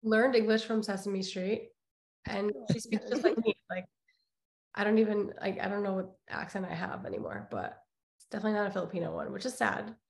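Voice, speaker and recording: A woman from Queens with a gravelly, fry-edged voice, telling stories in easy podcast chat. Her pitch sits mid-range, and she drops laughing asides between her memories. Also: fairly quick. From Queens, New York. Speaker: podcast guest. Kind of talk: casual chat.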